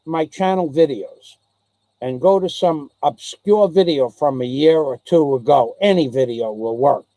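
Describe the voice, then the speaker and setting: In a dry recording, a channel host whose voice is on the high side and warm wanders through old memories. His storytelling chat rambles and repeats, and he imitates others' voices when telling anecdotes.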